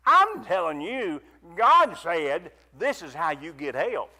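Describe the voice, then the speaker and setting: A man preaching a fervent sermon, rising to near shouts and pleading prayers. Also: sits high, huge pitch swings, takes it slowly.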